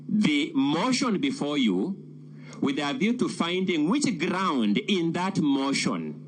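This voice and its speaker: A man delivers a formal legal argument in a slow, deliberate cadence. His pitch rises and falls widely as he stresses key words with oratorical weight. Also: slight background noise. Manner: measured, oratorical, emphatic. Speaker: defense lawyer addressing the Senate.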